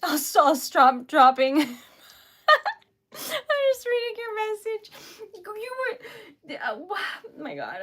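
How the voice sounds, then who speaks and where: Woman live streamer, high voice, slow unhurried talk, teary and giggly, flustered, breaks off mid-sentence. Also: big pitch swings, fairly bright tone. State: emotional, laughing through tears. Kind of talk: casual live-stream chat.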